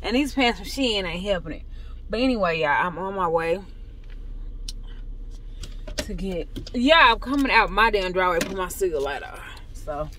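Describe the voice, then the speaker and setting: A woman's voice: on the low side, expressive, normal speed, long pauses, a bit bright, slight background noise. A young pregnant woman chatting casually to her vlog viewers, saying "y'all" and running through her busy day. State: out of breath. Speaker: vlogger.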